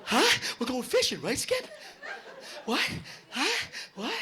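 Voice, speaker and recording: A man's voice: very high-pitched, wildly swooping pitch, slow, crowd noise, voice pushed up, exaggerated voice. A man doing a breathless, baffled Boston tough guy. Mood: confused. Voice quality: out of breath, puzzled, repeating short questions. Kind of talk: stand-up impression.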